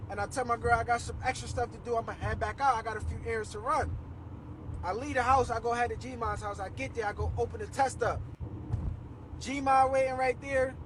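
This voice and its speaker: A man's voice: very high-pitched, slight background noise, rough recording. A young man telling a story to camera in a casual, slangy way, acting out what people said. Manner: animated, slangy, acts out quoted voices.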